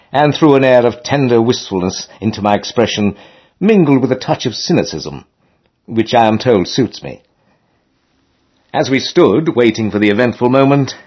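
A man narrating a comic novel in a lively, expressive way with dry humor, in a dull lo-fi recording. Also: medium pitch, husky. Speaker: audiobook narrator.

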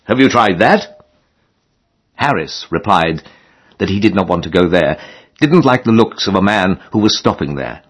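A man's voice: low voice, animated, normal speed, slightly rough. A man narrating a comic novel as an audiobook, in a wry storytelling manner.

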